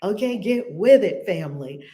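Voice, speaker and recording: A reverend with a New York accent speaks from her own home in a livestreamed spiritual session. She is effusive and leans on repeated affirmations, then slows into a measured, chant-like guided prayer. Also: medium pitch, expressive, background noise.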